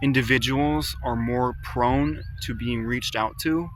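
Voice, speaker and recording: At dusk in an outdoor cemetery, a paranormal vlogger records on a phone strapped to his arm, calling out to spirits in a calm, slow, coaxing mid-range voice. He breaks off for relaxed asides to his viewers while faint traffic hums in the background.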